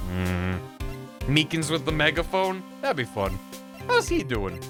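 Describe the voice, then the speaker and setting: A man's voice: fairly high pitch, wildly swooping pitch, measured pace. A man streaming a game, chatting casually with jokes and the odd swear, over game music. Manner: joking, rambling, swears.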